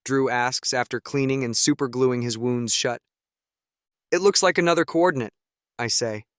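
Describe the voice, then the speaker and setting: A man reading a teen spy thriller as first-person audiobook narration in a low, measured way. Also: fairly bright tone, clean tone, dry recording, clean studio sound.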